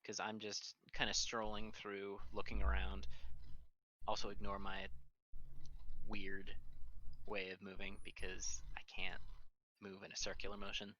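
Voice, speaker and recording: A man playing a character in a tabletop game, relaxed and thinking aloud. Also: on the low side, unhurried, pauses often, poor audio. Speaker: player.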